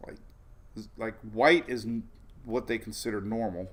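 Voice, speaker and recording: A man's voice: lowish voice, normal speed. A man hosting a casual weather livestream, walking through maps and rambling off topic in a chatty way. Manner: talks over weather maps on screen. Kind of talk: casual tropical weather briefing.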